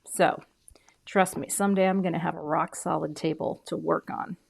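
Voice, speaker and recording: A middle-aged woman talks through a crafting demo in a casual, chatty way, poking fun at herself. She often trails off into quiet murmurs while she works. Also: sits low, steady tone, moderate pace, creaky, noisy background. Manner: chatty, self-deprecating, drops to soft murmurs while working. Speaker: craft video host.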